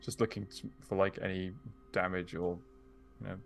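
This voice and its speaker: A man's voice: low-pitched, steady tone, normal speed, vocal fry, faint music behind. A man playing a tabletop game, speaking hesitantly with stammers and restarts. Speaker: player. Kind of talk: casual tabletop play.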